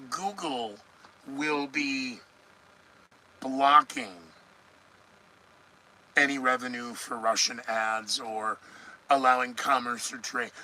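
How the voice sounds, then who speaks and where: Slow, bright-voiced man hosting a podcast. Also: mid-range voice, slight background noise, poor audio. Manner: sarcastic, rambling, talks back to himself. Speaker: podcast host. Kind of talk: solo news commentary podcast.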